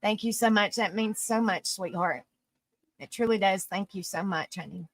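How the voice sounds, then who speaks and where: A woman's voice: medium pitch, moderate pace, no room sound. A tired woman hosting a live stream, reading an article aloud and greeting viewers with fond names like sweetie and honey, stumbling over hard words. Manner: affectionate toward viewers, calls them sweetie and honey.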